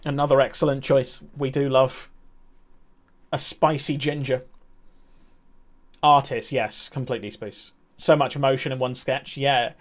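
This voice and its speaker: A young man talks loosely to his stream chat, reacting to what viewers send and breaking into laughs. His voice sits at an ordinary middle pitch for a man. The talk is relaxed and unscripted. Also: unhurried, pauses often. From England. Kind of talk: casual live-stream chat.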